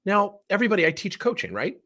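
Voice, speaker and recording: Husky middle-aged man telling a story. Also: high voice, fast talker. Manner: animated, acts out dialogue with theatrics. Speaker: coaching trainer. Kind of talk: storytelling in a training session.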